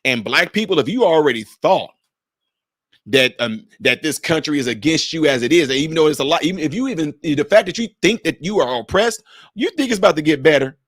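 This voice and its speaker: A man's voice: fairly high pitch, animated, fairly quick, a bit bright, no room sound, studio quality. A man from Chicago giving a heated political commentary, preachy and mocking, talking straight to his viewers.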